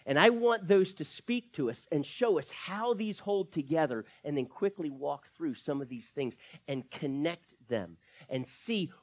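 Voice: medium pitch, lively intonation, a little slow. A pastor preaching a sermon, working through scripture verse by verse and asking the listeners rhetorical questions.

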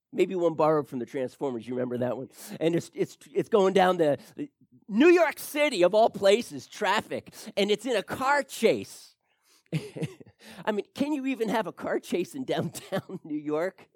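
A man preaching a storytelling sermon in an animated way, swinging his pitch and loudness and tossing chatty asides to his listeners. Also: no room sound, studio quality.

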